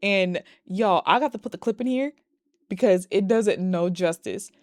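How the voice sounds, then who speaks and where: Animated, profane woman movie reviewer. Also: medium pitch, normal speed, no echo, clean studio sound. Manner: animated and profane, with bursts of laughter. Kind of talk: casual movie recap.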